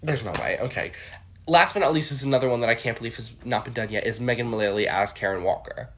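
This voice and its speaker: A young adult host chatting solo in a campy, playful way. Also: male voice, medium pitch. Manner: chatty, campy, jumps into quick impressions. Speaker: podcast host. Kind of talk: casual solo chat with impressions.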